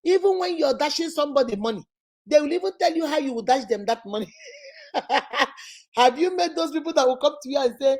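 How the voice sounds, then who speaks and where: A woman's voice: sits high, animated, a little fast, darkish tone. A middle-aged Nigerian woman hosting a casual vlog, telling stories with laughter and rhetorical questions. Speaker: host.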